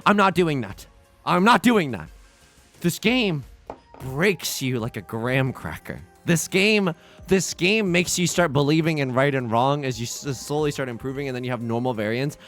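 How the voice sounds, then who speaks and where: A young man casually commentating his own game, dramatic and self-mocking, swinging from hushed mutters to loud outbursts. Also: medium pitch, expressive, normal speed, faint music behind. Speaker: let's play host.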